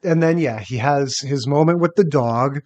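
A man's voice: medium pitch, darkish tone. Analytical man co-hosting a podcast. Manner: measured, analytical. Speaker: podcast co-host. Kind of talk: casual chat.

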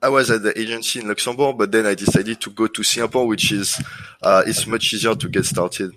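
A man's voice: lowish voice, brisk, low-quality recording. A man from France with a French accent, talking casually as an interview guest, full of fillers and restarts. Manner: relaxed, many fillers and restarts. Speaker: guest, lead generation business owner.

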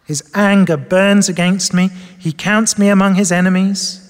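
A man preaching a sermon, swinging between loud emphatic lines and soft, low asides. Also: fairly even intonation, moderate pace, big-room sound. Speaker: pastor. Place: church hall with screens.

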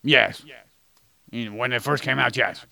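A man's voice: medium pitch, measured pace, creaky, sharp tone. A man co-hosting a podcast in casual chat, explaining history with goofy jokes along the way. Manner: jokey, goofy asides. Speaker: podcast co-host. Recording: poor audio quality.

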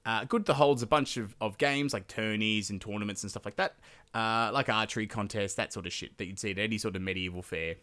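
A man's voice: fairly low pitch, fairly quick, sharp tone. A man hosting a podcast, retelling a medieval epic in a casual, profane, slangy way with laughing asides. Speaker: podcast host.

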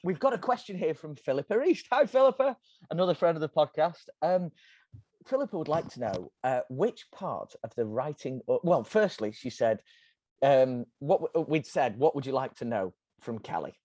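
A man's voice: a little high, animated, normal speed, darkish tone, no room sound, highs cut off. A man hosting a podcast, chatting casually, laughing often and tripping over his restarts. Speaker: podcast host.

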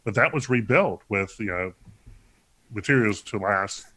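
A man co-hosting a podcast, speaking in a halting way, repeating words as he searches for his phrasing. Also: lowish voice, sharp tone, slightly rough. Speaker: podcast co-host. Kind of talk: casual book discussion.

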